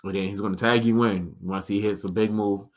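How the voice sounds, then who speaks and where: A man's voice: fairly low pitch, brisk. A young man, a pro wrestler guest on a podcast, telling a story in casual chat, laughing often and acting out the lines of others. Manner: animated, acts out quoted dialogue in changing voices.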